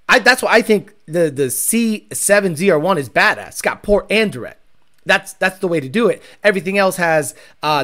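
Swearing freely, a man speaks casually and bluntly on a livestream, animated as he talks about his work as a performance car tuner. He has a high voice.

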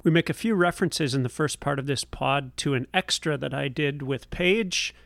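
A man's voice: on the high side, moderate pace, gravelly, a bit bright, soft background music. A man hosting a podcast in a casual, easygoing way, with a wry edge. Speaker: podcast host.

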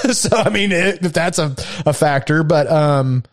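A man's voice: fairly high pitch, measured pace, no room sound, studio quality. A man from Florida hosting a casual chat about hobbies and his channel, rambling with lots of fillers and restarts. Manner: rambling, filler-heavy, laid-back. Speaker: YouTube channel host. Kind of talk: casual chat over whiskey.

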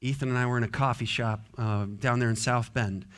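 Conversational pastor preaching. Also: male voice, medium pitch, steady tone, brisk, fairly bright tone. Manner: conversational, acts out quotes and small scenes. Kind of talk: sermon.

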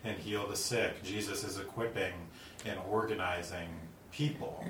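Man, very low voice, earnest casual faith talk, echoey room, distant mic. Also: steady tone, normal speed, background noise. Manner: earnest, with frequent likes and ums. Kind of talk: casual discussion about faith.

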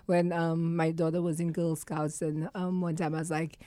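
A chatty woman from Saint Lucia, a podcast guest, who laughs easily and acts out small moments as she talks. Her voice is low and mellow. It sits dry and close, with no room sound. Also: flat delivery, normal speed, no room sound. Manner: chatty, laughs often, acts out little scenes. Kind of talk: casual chat.

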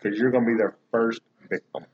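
A man's voice: medium pitch, fairly even intonation, brisk, a little mellow, husky. A man in casual comedic chat, tossing out dry wisecracks with Southern slang. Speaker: co-host. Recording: dull lo-fi recording with faint noise.

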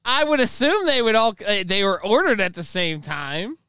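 A man's voice: high voice, very animated, normal speed, pushed and bright, smooth, no room sound, clean studio sound. A man co-hosting a casual podcast, joking around and prodding the others with questions. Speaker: podcast co-host. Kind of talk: casual chat.

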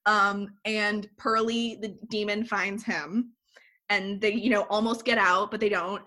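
A woman's voice: mid-range voice, measured pace. Podcast co-host, woman, mid-range voice, breezy plot recap full of "like". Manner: animated storyteller, heavy use of "like". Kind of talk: casual chat, retelling a movie plot.

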